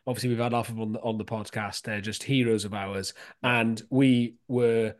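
A man's voice: fairly low pitch, fairly even intonation, moderate pace. A man hosting a casual football podcast, enthusiastic and teasing with his co-hosts. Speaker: podcast host. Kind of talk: casual chat.

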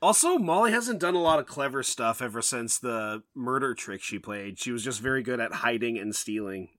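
A man's voice: mid-range voice, animated, normal speed, sharp tone, no room sound, studio quality. A man co-hosting a comedy podcast, reacting to a story with wry, sarcastic quips. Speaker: podcast co-host.

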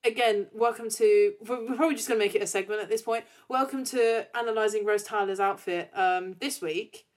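A young woman co-hosting a podcast, chatting casually and acting out scenes with big jumps in pitch. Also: fairly quick, hardly any pauses. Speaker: podcast co-host. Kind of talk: casual chat.

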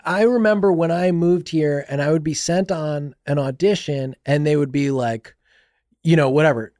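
A man hosting a podcast in casual chat, animated and quick to act out movie scenes in little impressions. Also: fairly high pitch. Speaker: podcast host.

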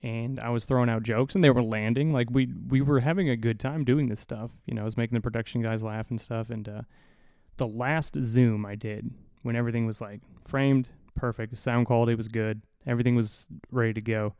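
A man hosting a podcast, spinning a casual story in a rambling, swear-laden, self-mocking way. His voice is mellow and smooth, caught close and dry on a studio mic. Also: medium pitch, fairly even intonation, a little fast, no room sound. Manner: rambling, profane, self-deprecating, with many restarts. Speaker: podcast host. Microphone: studio mic through an audio interface.

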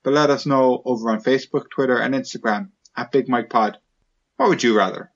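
A man's voice: mid-range voice, fairly quick, lo-fi sound. A man hosting a podcast, chatting casually and playfully, firing off questions. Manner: playful, keeps asking questions and doing silly voices. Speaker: podcast host. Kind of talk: casual chat.

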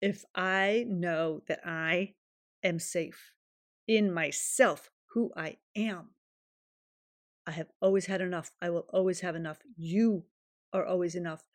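Woman, podcast host, reflective monologue, earnest, emphatic, slightly shaky voice, lower register, dry close recording. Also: fairly even intonation, a little slow, no room sound. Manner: earnest, emphatic, self-affirming; voice shaking with emotion.

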